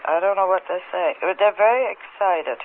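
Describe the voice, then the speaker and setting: A woman recounting an experience under hypnosis in a halting, present-tense way, often repeating words, on an old archival tape. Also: fairly low pitch. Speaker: hypnosis subject. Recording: tinny old archival tape with faint hiss.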